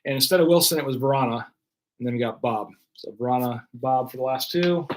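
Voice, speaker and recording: A man with a medium-pitched voice hosts a live card break, speaking briskly. He chats casually, giving a running play-by-play of each card pulled.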